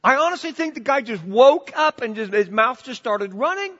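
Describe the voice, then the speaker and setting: A man preaching a sermon as pastor, animated and emphatic, often repeating words as he builds to his points. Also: very high voice, normal speed. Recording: dull sound with long church reverb.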